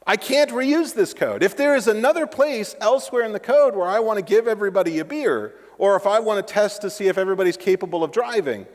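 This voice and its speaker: Animated man in an echoing hall. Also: high voice, quick pace, few pauses. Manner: animated and joking, with asides to the audience. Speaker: conference speaker. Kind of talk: live-coding tech talk. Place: large conference hall. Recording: long reverb of a large hall.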